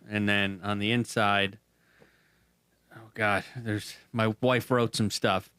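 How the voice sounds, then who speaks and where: A man's voice: lowish voice, sing-song, takes it slowly, long pauses, sharp tone, dry recording. A man co-hosting a sports podcast, chatting casually and reading a card aloud. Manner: easygoing, reading aloud and joking. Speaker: podcast producer and co-host.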